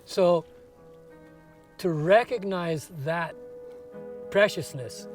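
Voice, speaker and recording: A man in his sixties telling his story in an earnest, reflective way, slowing down to stress his words. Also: high-pitched, soft background music. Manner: earnest, slow, emphatic. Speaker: adventurer recounting a long walk.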